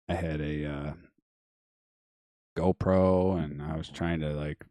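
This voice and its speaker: A man hosting a live-stream call-in show, chatting casually and rambling with lots of fillers while reading out viewer comments, his voice going hoarse. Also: a bass voice, warm tone, no room sound, clean studio sound. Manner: rambling, offhand, many fillers and trailing asides. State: losing his voice.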